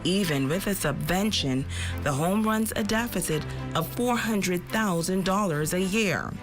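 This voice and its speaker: A woman reading a scripted news report voice-over in a polished, even manner. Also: fairly low pitch, unhurried, over music.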